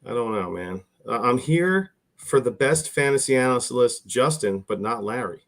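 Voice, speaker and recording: Animated teasing man from New Jersey. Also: medium pitch, normal speed. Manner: teasing, playful ribbing. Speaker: podcast co-host. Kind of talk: casual podcast banter.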